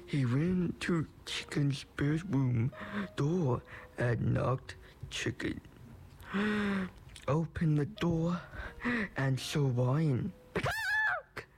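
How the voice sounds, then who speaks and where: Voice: mid-range voice, very slow, long pauses, darkish tone, slight background noise. A young storyteller narrating a homemade tale, making it up as he goes with a rambling manner. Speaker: storyteller host. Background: music.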